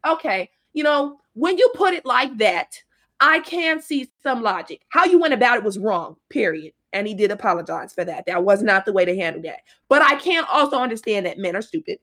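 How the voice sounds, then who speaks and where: A woman telling a casual story about her dating life, animated and profane, laughing often and breaking into high-pitched outbursts. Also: normal speed.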